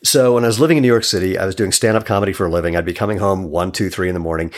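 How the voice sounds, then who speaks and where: A male podcast host with a fairly low voice talks quickly. He is a chatty, joking storyteller who laughs easily. The tone stays casual and conversational.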